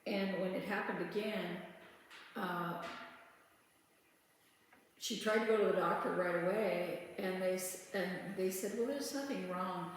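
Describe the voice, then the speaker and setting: A woman co-hosting a casual crafting chat show, telling relaxed stories and laughing often. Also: medium pitch, a little slow, pauses often, a little hiss or hum. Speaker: podcast co-host. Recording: echoey room with long reverb.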